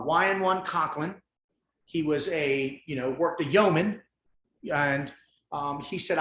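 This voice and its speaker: Intense male storyteller with a higher voice, recorded in an echoey room. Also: slight background noise. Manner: intense, animated, swears freely. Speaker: podcast guest. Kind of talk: storytelling in casual conversation. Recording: roomy echo.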